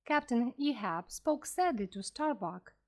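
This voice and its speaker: A woman narrating a classic sea story slowly and clearly for English learners. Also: a little high. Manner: clear, careful and expressive. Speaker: audiobook narrator.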